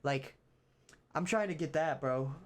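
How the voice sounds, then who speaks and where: Speaking a little slowly in a slightly high voice, a young man streams casual chat. He rambles, telling loose stories with plenty of fillers, restarts and offhand swearing.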